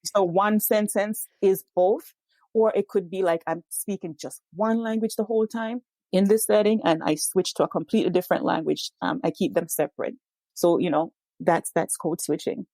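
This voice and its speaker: A middle-aged Jamaican woman speaks as an interview guest, measured and explanatory, her voice in a middle register. The recording is dry and close, with no room around her. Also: mid-range voice, fairly even intonation, mellow, dry recording. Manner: measured, explanatory, light laughter in anecdotes. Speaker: education scholar guest.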